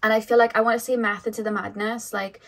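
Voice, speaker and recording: A woman's voice: a little high, level tone, fast, gravelly, a bit bright. A woman giving a pick-a-card tarot reading to camera. She muses sympathetically and rambles, with lots of "like" and "um". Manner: rambling, full of "like" and "um" and restarts; intuitive, sympathetic musing. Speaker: tarot reader.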